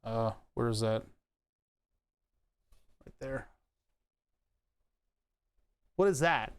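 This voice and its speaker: A man's voice: medium pitch, lively intonation, very slow. A man casually livestreaming a keyboard repair, rambling and swearing as he works. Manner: profane, rambling, self-amused. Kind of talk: casual livestream chat while working. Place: home room with air conditioning running.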